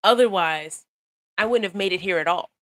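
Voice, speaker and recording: A young woman talks live on her phone to her viewers, chatty and encouraging, often laughing and repeating lines to drive a point home. Her voice is bright and sharp. The sound is dry and close, with no room echo. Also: medium pitch, normal speed. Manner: animated, laughs often, greets viewers by name, repeats phrases for emphasis. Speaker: livestream host. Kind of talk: casual motivational live stream talk.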